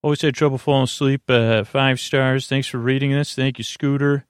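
A man hosting a sleep podcast, reading listener reviews aloud in a meandering, halting way full of fillers and restarts. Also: mid-range voice, fairly even intonation, smooth, no echo, studio quality.

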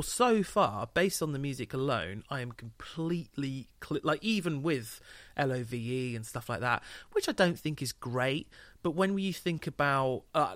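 A man co-hosting a casual music review podcast, measured and hedging, with frequent restarts. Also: medium pitch, fairly bright tone, no echo, clean studio sound. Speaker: podcast co-host.

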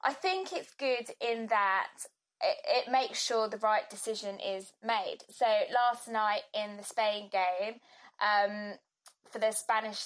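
A woman chats about football in a relaxed, conversational way. She laughs easily and often restarts her sentences as she thinks aloud. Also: mid-range voice. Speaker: co-host discussing football. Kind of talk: casual chat.

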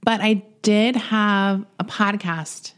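A woman's voice: medium pitch, steady tone, slow, smooth. A woman co-hosting a podcast, chatting casually and rambling a little as she recommends a show, laughing easily. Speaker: podcast co-host. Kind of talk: casual chat.

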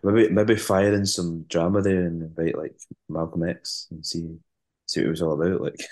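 A man, a band musician, chatting as an interview guest, halting and repeating words with many fillers. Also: low voice, level tone, a little mellow. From West African heritage. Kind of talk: casual interview chat.

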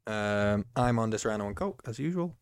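A man's voice: on the low side, expressive, brisk, clean tone, no echo, studio quality. A man co-hosting a podcast, chatting casually with jokes and frequent laughs. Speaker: podcast co-host. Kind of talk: casual commentary chat.

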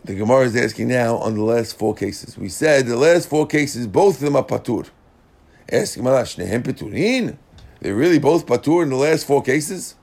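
A man's voice: medium pitch, animated, moderate pace, darkish tone. A man teaching a casual Talmud class, mixing Hebrew and Aramaic terms into English and often checking that listeners follow. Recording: class recording.

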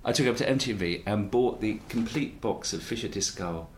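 Host: man, lowish voice, chatty and digressive, echoey room with light hiss. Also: a little fast. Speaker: interviewer, podcast host. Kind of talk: conversational interview. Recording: roomy echo with faint noise.

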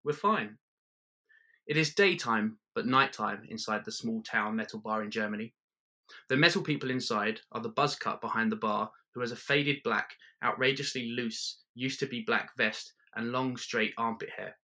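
A man telling a comic story in a dry, deadpan way, full of detailed asides. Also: mid-range voice, normal speed. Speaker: comedian. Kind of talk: comic second-person storytelling.

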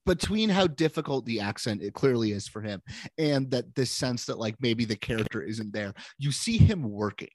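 A man's voice: medium pitch, lively intonation, moderate pace, a little mellow, no echo. A man co-hosting a casual film podcast, laying out confident, analytical opinions. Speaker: podcast co-host.

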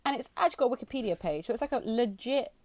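A woman's voice: a little high, expressive, racing, darkish tone. A woman co-hosting a podcast, giggly and easily flustered in casual chat. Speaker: podcast co-host.

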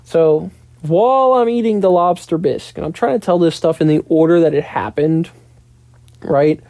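Young solo podcaster spinning a loose, profane anecdote, with a warm low tone and a dry booth sound. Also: moderate pace, no room sound. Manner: rambling, profane, filler "blah, blah, blah". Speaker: podcast host and pilot in training. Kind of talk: casual solo storytelling monologue.

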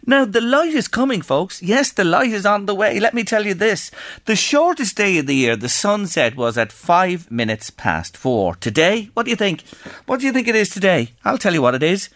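A man's voice: high-pitched, sing-song, normal speed, fairly bright tone, dry recording, clean studio sound. A middle-aged Irish man hosting a local radio show, chatting and reading out listener messages.

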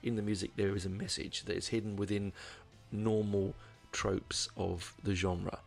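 Gravelly low-voiced man reviewing an album. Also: flat delivery, moderate pace, soft background music. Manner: rambling, hesitant, lots of ums and restarts. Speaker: music reviewer.

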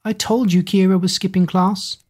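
A woman's voice: medium pitch, fairly even intonation, normal speed, slightly rough, voice pushed up, lightly acted. Chloe, a woman doing a smug tattling schoolgirl. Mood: triumphant. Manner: triumphant and shouting.

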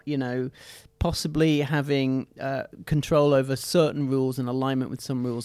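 A man discussing politics on a studio panel, measured and analytical, often saying "you know". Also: mid-range voice, darkish tone, no room sound. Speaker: political commentator.

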